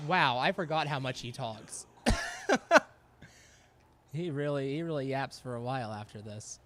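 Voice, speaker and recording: A man giving relaxed commentary over his gameplay, at an ordinary middle pitch. He chats away, laughs often and answers back to the characters on screen, with a faint hiss of noise behind him. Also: measured pace. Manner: chatty, laughs often, talks back at the game. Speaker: gameplay streamer.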